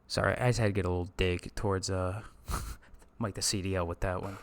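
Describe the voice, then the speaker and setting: A man's voice: deep voice, fairly even intonation, fairly quick. Profane ranting man hosting an esports podcast. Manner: profane, ranting, talks to live chat. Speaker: podcast host. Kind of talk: casual solo esports podcast rant. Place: indoors at a streaming setup.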